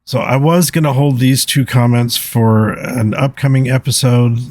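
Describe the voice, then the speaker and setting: A man's voice: medium pitch, steady tone, a little slow, a little mellow, no room sound. A man hosting a podcast alone, speaking in an earnest, reflective way as he reads out listener comments. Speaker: podcast host. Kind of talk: solo podcast talk, reading listener comments.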